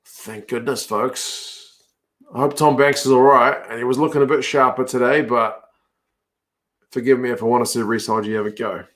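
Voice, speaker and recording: Casting: New man, mid-pitched, casual watch-along host, chatty and reactive. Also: fairly even intonation, normal speed, fairly bright tone. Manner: chatty, reacting aloud to play and reading viewer comments. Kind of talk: casual live rugby watch-along chat.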